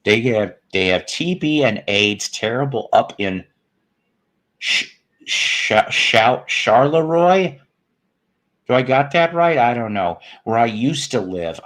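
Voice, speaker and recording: Hosting a live music stream from home, a man in his fifties reads comments and greets viewers in a low-pitched, slightly bright voice that rises and falls widely. The chat is casual, and he keeps joking, punning, and dropping salty asides.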